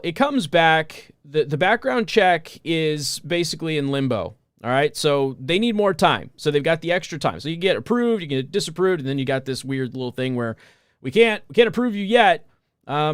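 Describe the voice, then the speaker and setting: American radio host, male, slightly high voice, emphatic storyteller, dry close sound. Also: smooth, no room sound. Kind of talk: talk radio monologue.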